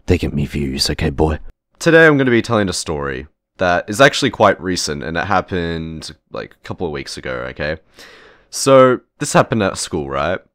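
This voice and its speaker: A teenage boy tells a school story for his channel in a loose, rambling way, tossing in "right?" and "okay?" and casual swearing. His voice sits fairly low, and the sound is dry and close. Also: a bit bright, dry recording. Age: teens. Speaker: channel host.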